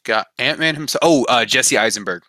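A man's voice: mid-range voice, expressive, brisk, pushed and bright, no room sound. A man co-hosting a podcast, talking in a casual, jokey, blunt way among friends and laughing often. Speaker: podcast co-host. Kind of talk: casual group chat.

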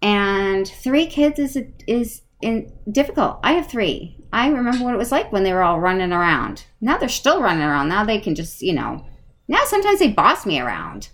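A middle-aged woman hosting a casual podcast interview, gushing praise and laughing easily. Her pitch swings widely as she talks, and her tone stays chatty throughout. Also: moderate pace. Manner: warm, effusive, animated with laughs. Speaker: podcast host.

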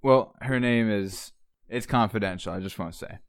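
A man playing a tabletop game, talking in character as a cheeky ship captain. His voice sits a little low, and he keeps his delivery playful and joking. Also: normal speed, clear, resonant tone, no echo, clean studio sound. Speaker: player. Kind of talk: in-character role-play.

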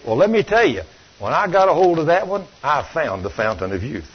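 An older man preaches with fervent, animated energy, slipping into acted-out quotes. His voice sits a bit high and husky. The recording is muffled and lo-fi. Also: fairly quick. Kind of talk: sermon.

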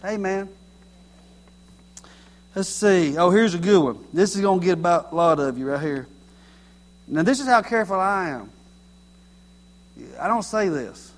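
A middle-aged man preaches with a high, lively voice. He talks in a folksy, animated way and pokes fun at common sayings. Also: unhurried, pauses often. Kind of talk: sermon.

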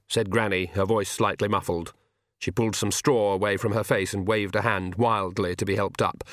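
A man's voice: on the low side, fairly even intonation, moderate pace, no echo. A man narrating a comic fantasy novel with dry, wry storytelling. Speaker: audiobook narrator. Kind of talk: scripted narration.

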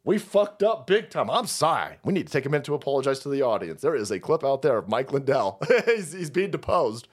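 A man's voice: medium pitch, big pitch swings, a little fast. A man hosting a political commentary stream, ranting in a rambling, sarcastic and foul-mouthed way. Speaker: host.

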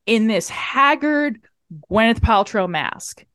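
The recording is clean studio sound with no room echo. An unhurried woman with a voice on the high side co-hosts a podcast, giving an animated, casual film recap where she acts out what characters say and swears without restraint.

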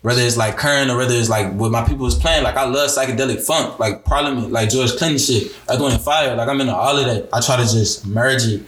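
A man's voice: medium pitch, fast talker, few pauses, fairly bright tone. A twenty-year-old man talking as a guest musician in a casual podcast interview, laid-back and full of slang, with many restarts. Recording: roomy echo.

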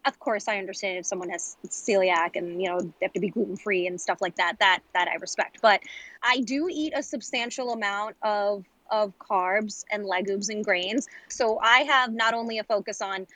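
A woman with a New York accent, a guest chef talking candidly and quickly in a relaxed interview chat. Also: medium pitch, no room sound, low-quality recording. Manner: candid, chatty, quick asides.

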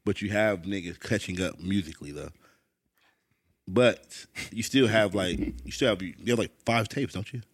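A man's voice: on the low side, moderate pace, no room sound, clean studio sound. A young man co-hosting a casual podcast chat, rambling, restarting and trailing off as he swears freely. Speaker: podcast co-host.

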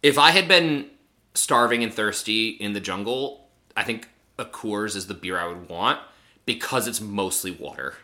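A man co-hosting a podcast, recapping a reality show in casual chat, animated and sarcastic, swearing freely. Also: lowish voice, normal speed. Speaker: podcast co-host.

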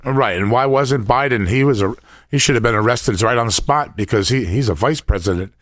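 A man co-hosting a casual political talk show, speaking at an ordinary middle pitch. He delivers blunt, indignant opinions in plain words. The sound is close and dry. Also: fairly quick, no echo.

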